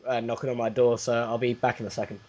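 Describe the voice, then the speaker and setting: A man's voice: mid-range voice, little pitch movement, fast talker, darkish tone, highs cut off. A man with an Australian accent hosting a casual podcast, chatty and laughing easily. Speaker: podcast host. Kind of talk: casual chat.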